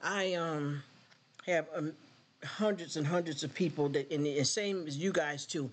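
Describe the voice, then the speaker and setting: A man's voice: on the high side, a little slow. Earnest man preaching to his stream. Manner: preachy, earnest, addresses viewers directly. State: emotional, choked up. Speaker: live stream host. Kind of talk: casual faith talk with live chat.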